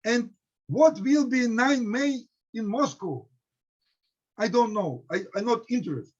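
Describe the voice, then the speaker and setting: Halting, husky Ukrainian man. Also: very high voice, animated. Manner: halting non-native English, emotional, many restarts. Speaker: historian, center director. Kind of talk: discussion with students. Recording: dull lo-fi recording.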